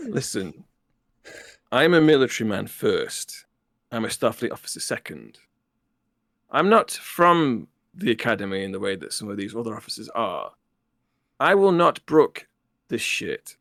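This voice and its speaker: A blunt military starship captain, as a man puts him on barks curt orders in a gravelly voice. The sound is dry and close. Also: medium pitch, a bit bright, no room sound, full character voice. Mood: stern. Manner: curt and threatening.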